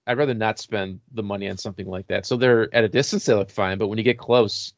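A man's voice: fairly low pitch, fast, gravelly, no room sound, dull audio. A man co-hosting a podcast, chatting casually and rambling with lots of filler words. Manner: relaxed, rambling with many "like" fillers. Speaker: podcast co-host. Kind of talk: casual chat about horror toys.

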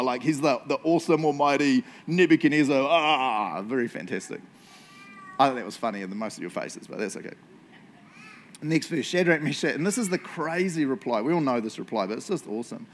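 A man's voice: medium pitch, lively intonation, a little fast. Chatty man leading a casual Bible talk. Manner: chatty, jokey, asks the room questions. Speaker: youth or Bible study leader. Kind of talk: casual Bible teaching to a group. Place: indoor room with a group.

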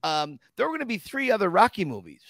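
A man hosting a casual podcast chat, an animated storyteller who talks eagerly and with emphasis. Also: high-pitched, quick pace, vocal fry, no echo. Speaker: podcast host.

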